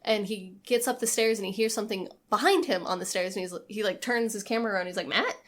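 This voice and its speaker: A woman's voice: medium pitch, quick pace. A woman co-hosting a podcast, casually retelling a horror film and acting out the characters' lines. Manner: chatty storytelling with acted-out quotes. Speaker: podcast co-host. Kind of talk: casual movie recap chat.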